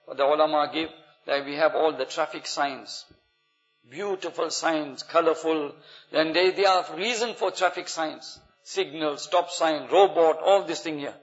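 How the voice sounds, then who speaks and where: A man's voice: on the high side, fairly bright tone. A man giving an earnest, instructive sermon as imam, weaving Arabic phrases into his talk. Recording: echoey hall, dull lo-fi sound.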